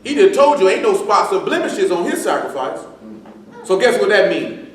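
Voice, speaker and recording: A man's voice: high-pitched, big pitch swings, moderate pace. A man preaching a sermon in loose street slang, joking and quoting people. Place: church assembly hall. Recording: echoey hall from far off.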